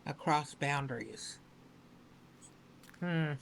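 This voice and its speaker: A woman giving a spoken tarot reading, repeating her phrases slowly and with emphasis. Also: low-pitched, creaky, a little hiss or hum, rough recording. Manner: slow, repetitive, affirming phrasing. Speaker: tarot reader.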